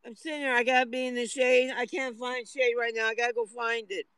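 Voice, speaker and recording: Very high-voiced man ranting on a livestream. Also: little pitch movement, brisk, bright, forceful tone, clear, resonant tone, no room sound, rough recording. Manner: aggrieved, complaining, swings into tearful outbursts. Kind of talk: rambling livestream monologue. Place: parked car in hot sun.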